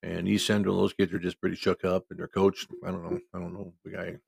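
A man's voice: sits low, monotone, fast, gravelly, slightly rough, no room sound. A middle-aged man from Iowa, a football referee, telling a story in a folksy, conversational way and quoting people in his own voice. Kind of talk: casual spoken storytelling.

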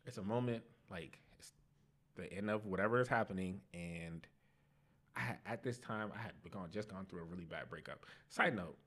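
Young man, podcast guest, slangy storytelling, low pitch, bright ringing tone. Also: moderate pace. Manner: animated storytelling with slang, laughs at himself. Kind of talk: casual testimony, interview.

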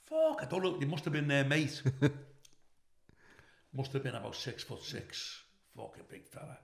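Very animated, a middle-aged comedian recounts stories as a guest, peppering them with swearing and laughter. He has a creaky mid-range voice at a moderate pace, and the room adds a roomy echo.

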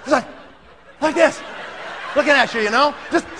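A man telling a story to an audience, animated and acting out the scene. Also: very high voice, normal speed, some chatter behind, slight background noise. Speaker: speaker telling a sales story. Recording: long hall reverb.

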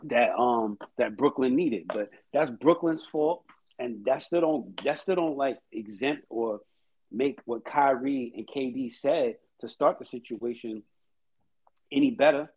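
Husky dude hosting a sports podcast, hypes up, says stuff twice. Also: male voice, mid-range voice, unhurried, low-quality recording. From Haitian-American. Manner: animated, repeats phrases, laughs often. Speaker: podcast co-host. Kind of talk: casual sports chat.

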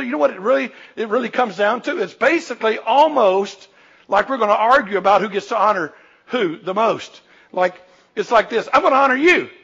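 A man preaching a sermon in a church, emphatic and rising to shouts while acting out the people he quotes. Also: extremely high pitch, vocal fry, slightly rough, dull audio. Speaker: pastor. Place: church sanctuary.

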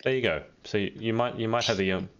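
Aussie guy hosting a live interview, reads out viewer questions, jokey and laid back, lowish voice. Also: fast, clean tone. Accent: Australian. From Australia. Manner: relaxed, reading out viewer comments, joking. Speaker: interview host. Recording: dull lo-fi stream audio.

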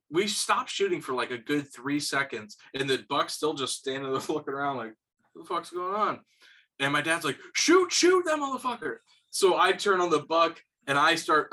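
A young man co-hosts a podcast, telling hunting stories in loose, casual chat. His voice is bright and forceful, he swears freely, and he gets animated when he quotes other people. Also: medium pitch. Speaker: podcast co-host.

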